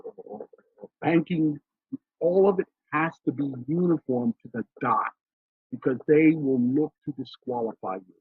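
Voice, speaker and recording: A middle-aged financial consultant from Philadelphia, telling stories emphatically in a casual interview. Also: male voice, medium pitch, breathy edge, dry recording. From Philadelphia, USA. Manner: emphatic, storytelling, acts out quoted dialogue. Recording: dry, tinny phone-like line.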